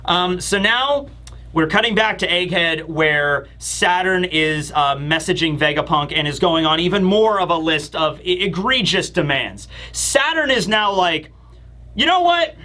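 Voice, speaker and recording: A man reviews a manga chapter in casual, excitable commentary. He often bursts into shouts. His voice is high, bright and forceful. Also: a little slow.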